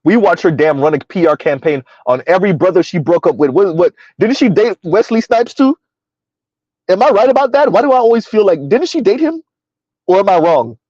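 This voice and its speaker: A man hosting a relaxed live commentary stream, chuckling as he reads out comments from his viewers. His voice sits a bit high for a man and is dry, with little room sound. The sound is muffled and lo-fi. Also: brisk, no echo. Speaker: commentary channel host.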